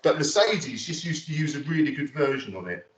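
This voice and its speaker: Give me a chatty photography lecturer, recorded from across an echoey studio. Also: male voice, a little high, very animated, fairly quick, faint music behind. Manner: chatty and rambling, many fillers. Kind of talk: casual studio demonstration to students. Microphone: phone camera from across the room. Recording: roomy, distant, dull audio with faint noise.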